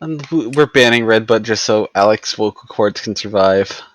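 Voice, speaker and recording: A man hosting a casual chat with friends, talking in an animated way with lots of filler words. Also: lowish voice, moderate pace, dry recording, dull audio. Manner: animated, many "like" and "you know" fillers. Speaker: stream host.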